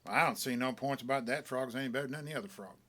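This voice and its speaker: A man voicing a glum stranger in a mining camp who speaks slowly and deliberately, a bit quietly. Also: medium pitch, expressive.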